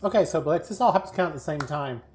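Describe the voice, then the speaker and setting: A man's voice: fairly high pitch, expressive, very fast, darkish tone, soft background music. A man narrating and describing scenes as game master of a tabletop game. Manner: descriptive, conversational.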